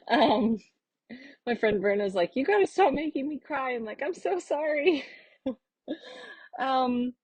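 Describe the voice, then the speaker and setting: A woman's voice: lowish voice, slightly rough, no echo, rough recording. A middle-aged woman hosting a podcast, talking in an earnest, reflective way that rambles with fillers and restarts. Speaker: podcast host and artist. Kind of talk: casual heartfelt monologue.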